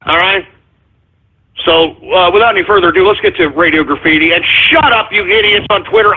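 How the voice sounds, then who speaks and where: High-voiced theatrical male radio host. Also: moderate pace, husky. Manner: theatrical, exasperated, mock-whining. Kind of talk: comedic call-in radio hosting. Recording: tinny lo-fi broadcast.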